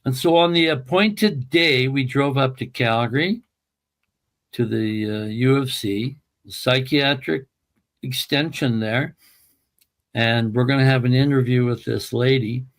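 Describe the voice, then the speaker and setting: A man as an interview guest, telling an emotional personal story in an earnest, emphatic way. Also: medium pitch. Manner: earnest, emphatic, slow and deliberate.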